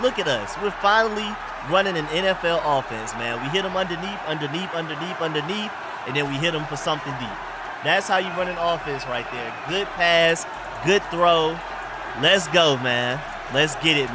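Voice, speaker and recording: A man's voice: fairly high pitch, animated, moderate pace, crowd noise, noisy background. A young man hosting a live sports reaction stream, hyped and slangy, repeating himself as he reacts to the game. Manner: hyped, repeats phrases, slangy street talk.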